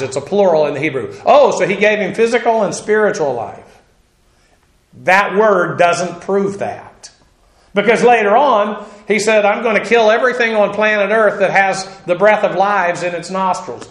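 A man's voice: sits high, a bit bright. A man preaching an expository Bible sermon, emphatic and conversational with dry humorous asides. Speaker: pastor. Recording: echoey room.

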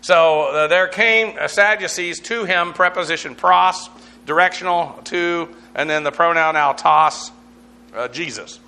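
A man's voice: on the high side, a little slow, gravelly, bright, forceful tone. A man teaching through a Bible passage verse by verse, explaining Greek words and spelling them out, in a conversational way with frequent fillers.

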